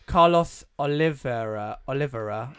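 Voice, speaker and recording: A man in casual podcast chat, reading listener comments quickly and swearing casually. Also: mid-range voice, fairly bright tone, clean tone, no room sound, clean studio sound. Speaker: podcast guest or co-host. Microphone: close podcast mic.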